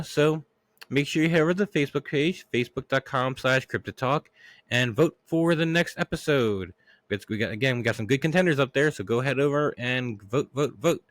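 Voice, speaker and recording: A man's voice: mid-range voice, dry recording, studio quality. A man hosting his own podcast alone, talking casually and rambling with many restarts, still getting over a cough. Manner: rambling, lots of restarts and fillers. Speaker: podcast host. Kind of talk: casual solo podcast monologue.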